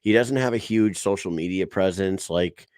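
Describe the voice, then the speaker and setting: A man's voice: low voice, moderate pace, darkish tone, no echo, studio quality. A man co-hosting a sports podcast, telling rambling, profane stories and correcting himself as he goes. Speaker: podcast co-host. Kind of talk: casual sports podcast chat.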